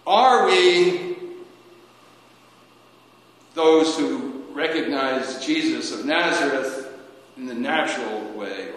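Man giving a sermon, super slow, stops and restarts a lot, big churchy echo. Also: medium pitch. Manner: slow, halting delivery with many restarts. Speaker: priest. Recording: echoey church with long reverb.

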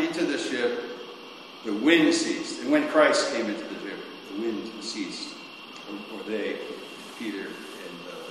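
A man delivers a slow, halting sermon, circling back on his words and restarting often. His voice rings through a very echoey hall with a long tail of reverb. A faint hum of ambience sits underneath. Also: mid-range voice, a bit bright. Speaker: preacher. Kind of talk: sermon on scripture.

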